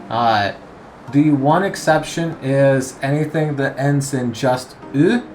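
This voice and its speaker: A man giving a casual spoken language lesson, explaining at an easy pace with many hesitant "uh"s and pauses. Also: mid-range voice, a little mellow, soft background music. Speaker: Japanese language teacher.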